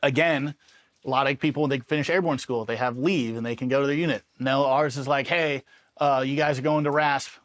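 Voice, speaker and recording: Animated, profane storytelling veteran man. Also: medium pitch, a little fast. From Los Angeles, USA. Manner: animated, profane, acts out quoted voices. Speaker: Army Ranger veteran guest. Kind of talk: casual storytelling in an interview.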